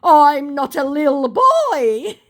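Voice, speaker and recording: A woman's voice: very animated, heavily acted. Woman mocking a whiny childish scammer man. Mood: whining. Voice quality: high, drawn-out whine. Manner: mocking parody of the quoted speaker. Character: whiny defensive male scammer, childish and pleading.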